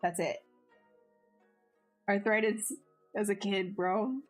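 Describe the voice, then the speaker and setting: A chatty woman talks to her viewers during a live sculpting stream, her pitch sitting in a middle range. She pokes fun at herself and often stops mid-thought to begin again. Soft music plays quietly behind her. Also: fairly even intonation, takes it slowly. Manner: chatty and self-mocking, trailing off into restarts. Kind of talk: casual live-stream chat answering viewers.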